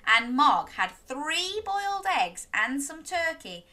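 A woman's voice: high voice, very animated, slow, bright, forceful tone. A young woman reading a children's story aloud, sing-song and encouraging, gasping and inviting little listeners to join in.

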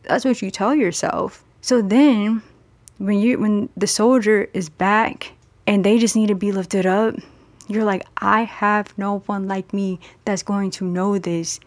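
A woman's voice: mid-range voice, dry recording. Candid solo podcast host, woman, conversational, dry booth sound. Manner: candid, conversational, speeds up and slows down for emphasis. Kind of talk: casual solo podcast talk.

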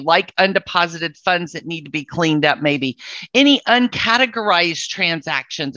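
A woman presenting an accounting webinar, walking viewers through software step by step in an upbeat way that breaks easily into laughter. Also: fairly low pitch, dry recording, dull audio. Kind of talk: screen-share software walkthrough. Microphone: computer mic on a video call.

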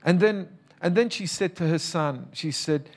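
A man's voice: fairly high pitch, moderate pace. A man who is a pastor, preaching a sermon with emphatic, passionate calls and chatty storytelling full of restarts. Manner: conversational storytelling with repeated restarts.

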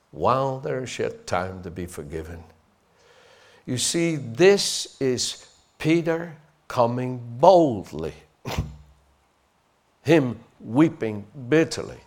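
A male pastor delivering a sermon with a very lively, expressive pitch. He speaks slowly and deliberately, swinging between soft, hushed lines and loud, rising exhortation, and calls on the congregation to respond.

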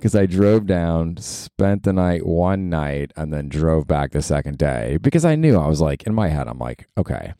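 A man in his forties from Florida telling a story on his podcast, casual and profane, jumping into high exasperated outbursts. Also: normal speed, few pauses, no room sound, studio quality. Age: 40s. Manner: animated, swearing, swooping up into high exasperated outbursts. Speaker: podcast host.

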